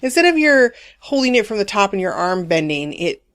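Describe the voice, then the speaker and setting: A woman in her forties co-hosting a podcast, telling animated stories and swearing freely in casual chat. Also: mid-range voice, fairly quick. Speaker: podcast co-host.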